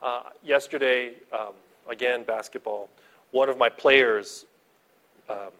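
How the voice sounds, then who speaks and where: A man preaching a sermon as a pastor, animated, swinging between soft asides and loud emphasis. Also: mid-range voice, slow.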